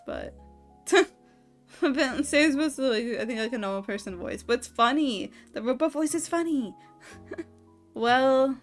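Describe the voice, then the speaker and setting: Giggly lady streamer rambling at night, kinda high voice, soft music behind. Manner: giggly and rambling, laughing often. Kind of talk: casual late-night chat.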